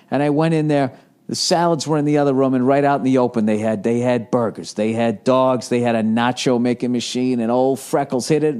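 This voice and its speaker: A man's voice: medium pitch, a little fast, a little mellow. Rambling, profane male podcast host. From United States. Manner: rambling, profane, self-mocking. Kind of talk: casual monologue.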